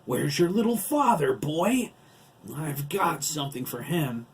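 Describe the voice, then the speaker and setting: A man's voice: fairly high pitch, sing-song, measured pace, breathy edge, voice pushed up, exaggerated voice. A man voicing a cruel male giant who taunts and gloats over his captives. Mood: taunting. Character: gleeful cruel male giant, sneering villain.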